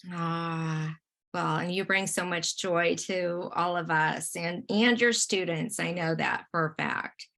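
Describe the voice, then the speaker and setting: A woman lecturer speaking over a video call in a slightly low voice. She is encouraging and warm in tone, often pausing on fillers and restarting her phrases as she explains. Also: steady tone, creaky. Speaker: lecturer on positive emotions. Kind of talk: online presentation and Q&A.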